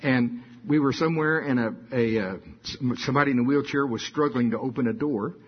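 A man's voice: medium pitch, a little fast, husky. An older man preaching a sermon in a folksy storytelling manner, building to emphatic bursts. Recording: dull lo-fi sound.

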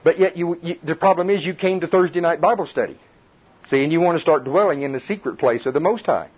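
A middle-aged man preaching to a Bible study group in a lively, conversational way, with chuckles and repetition. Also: fairly high pitch, fast, slightly rough. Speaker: pastor. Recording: dull muffled recording.

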